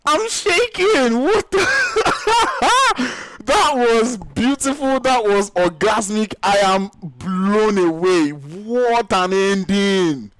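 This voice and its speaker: A man whose first language is Yoruba, casting live esports play-by-play in an excitable, gushing, exclamatory way. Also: high voice, takes it slowly, hardly any pauses, rough recording. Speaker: esports caster.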